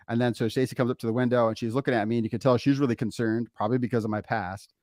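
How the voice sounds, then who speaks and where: A middle-aged man co-hosting a podcast, telling a story in a casual, animated way and laughing often, recorded on a close mic. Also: mid-range voice, racing, no echo. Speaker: podcast co-host, father.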